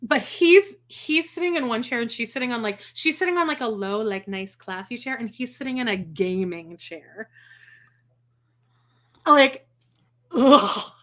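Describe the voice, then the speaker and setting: A woman's voice: on the high side, expressive, measured pace, fairly bright tone. A woman co-hosting a live stream, chatting casually and snarkily about a reality show, quoting people and laughing often. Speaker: podcast co-host. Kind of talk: casual snarky TV recap chat. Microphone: home podcast mic, live stream.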